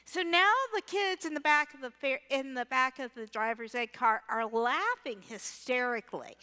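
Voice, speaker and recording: A middle-aged woman pastor telling a personal story in a sermon, as an animated storyteller who acts out the voices she quotes. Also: sits high, a little slow, clear, resonant tone. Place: large church sanctuary. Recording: reverberant church hall.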